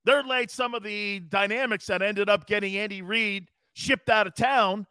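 This sports talk host from the East Coast US has a high-sitting, clear, resonant voice with a sharp, steady tone at normal speed, recorded with no room sound. He's brash and jokey, riffing loosely, reading chat comments out loud, and laughing a lot.

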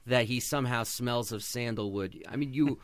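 A man's voice: mid-range voice, normal speed, no room sound. A man hosting a podcast, giving passionate, sarcastic sports commentary. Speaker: podcast host.

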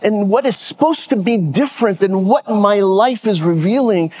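A pastor preaching a sermon from the stage, often repeating words as he builds to a point and rallying his listeners. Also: high-pitched. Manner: repeats words when stressing a point, rallies the audience.

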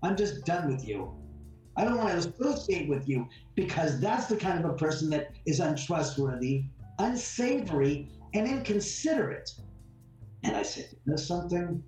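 A man's voice: a little high, sing-song, normal speed, a little mellow. A man being interviewed, bluntly telling a heated story and acting out the exchanges in it. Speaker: guest homeowner. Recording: roomy, distant mic, faint music behind.

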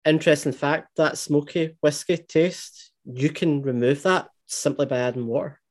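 A woman hosts a relaxed podcast chat and laughs along with her guest. Her voice sits very low for a woman and stays easygoing. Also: moderate pace. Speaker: podcast host. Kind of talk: casual interview chat.

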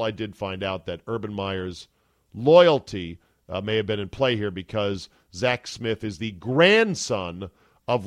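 A man hosting a sports podcast, talking casually with a wisecracking, profane, animated manner. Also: lowish voice, dry recording, studio quality. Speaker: podcast host.

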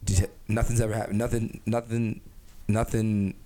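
A man hosting a comedy podcast, talking in a rambling, profane, animated way with lots of restarts. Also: on the low side, normal speed. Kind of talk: casual comedic podcast chat.

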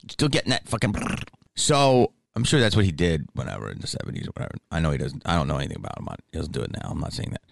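A middle-aged man hosting a podcast, telling rambling, animated stories in casual chat. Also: low-pitched, rapid-fire, gravelly, dry recording, clean studio sound. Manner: rambling, animated, lots of fillers. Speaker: podcast host.

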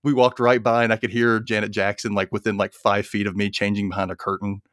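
A man's voice: on the low side, flat delivery, fast talker, fairly bright tone, no room sound, clean studio sound. A young adult man telling a story in casual chat, acting out the quoted voices and laughing as he goes. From Memphis area.

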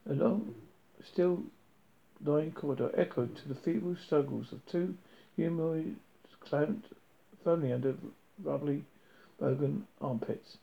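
A man reading a novel aloud, halting, with frequent slips and restarts. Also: on the high side, vocal fry. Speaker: reader. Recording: dull lo-fi recording.

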